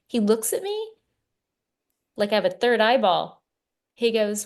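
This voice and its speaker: A middle-aged woman, a spiritual coach, chatting casually as a podcast guest and telling animated stories with many restarts. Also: fairly high pitch, unhurried, long pauses. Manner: animated storyteller, repeats and restarts words. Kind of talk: casual conversation.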